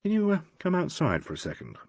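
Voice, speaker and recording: Man reads genteel English chief inspector in an audiobook, teasing and polished, lively lilt, dry close sound. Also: on the high side, fast, gravelly, no echo, voice pushed up, full character voice. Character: suave, playful English chief inspector, male.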